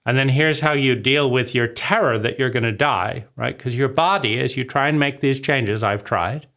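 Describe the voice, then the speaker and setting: A man in his forties talks through a reflective monologue in a loose, rambling way and keeps checking in with "right?". His voice has a gravelly, fry-heavy edge and sits at an ordinary middle pitch. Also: moderate pace, fairly bright tone. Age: 40s. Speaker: vlogger.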